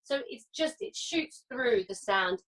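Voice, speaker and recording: A woman's voice: fairly high pitch, expressive, a little slow, fairly bright tone, far from the mic, poor audio. Chatty British woman vocal coach. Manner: chatty, keeps checking in with "yeah?" and "okay?". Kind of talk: singing masterclass teaching.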